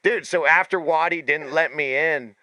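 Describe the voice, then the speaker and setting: A man hosting a podcast, telling profane stories in a casual, animated way and acting out the voices of the people in them. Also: a little high, moderate pace, no echo. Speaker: podcast host. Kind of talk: casual storytelling.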